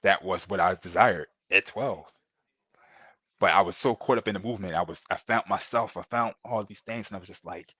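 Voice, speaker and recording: Low-voiced man telling heartfelt stories. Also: brisk, a bit bright, husky, dull audio. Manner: earnest, emotional, repeats phrases, calls the host bro. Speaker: podcast guest. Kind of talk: storytelling in a casual interview.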